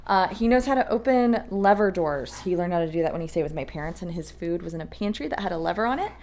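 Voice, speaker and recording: A young woman vlogging casually, chatty and emotional, cooing at her dog in a high voice. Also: expressive, fast talker, a little mellow, slight background noise. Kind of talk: casual vlog talk to camera.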